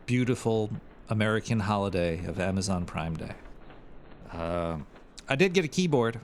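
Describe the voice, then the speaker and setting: Gravelly, rambling crude male host. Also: on the low side, a little hiss or hum. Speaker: show host. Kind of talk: casual livestream chat.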